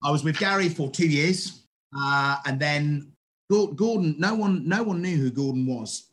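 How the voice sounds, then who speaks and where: Animated man telling chef stories. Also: fairly high pitch, measured pace. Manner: animated, acts out quoted dialogue, frequent restarts. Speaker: chef, interview guest. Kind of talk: casual storytelling.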